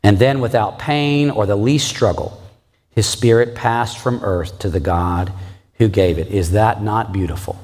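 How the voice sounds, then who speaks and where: A man's voice: lowish voice, measured pace, a little mellow. A man preaching a sermon as pastor, earnest and asking the congregation rhetorical questions. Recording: reverberant church hall.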